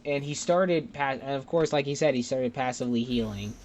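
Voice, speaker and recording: A man's voice: medium pitch, a little fast, a little mellow. A young man giving casual, rambling, profane commentary over his own gameplay clips as a voice-over. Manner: rambling, profane, laid-back. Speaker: gaming YouTuber. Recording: game gunfire noise underneath. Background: game gunfire and clicks.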